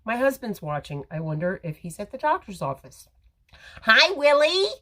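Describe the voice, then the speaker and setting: With a lively, fairly low-pitched voice and a brisk pace, a woman hosts a casual live makeup tutorial, chatting and rambling to viewers. The setting is a home or salon with a ring light, and she's picked up by a phone camera.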